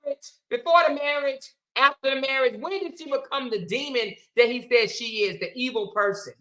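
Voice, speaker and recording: A woman's voice: high-pitched, fairly quick, rough recording. A woman giving heated, rhetorical commentary, firing off questions and emphatic asides. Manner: animated, rhetorical, emphatic, colloquial. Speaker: commentary host. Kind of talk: opinionated commentary.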